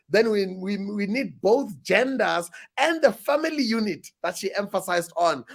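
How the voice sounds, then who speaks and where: A man's voice: sits high, creaky. A man who co-founded a farming app, speaking on a panel call, wordy, with fillers and playful asides.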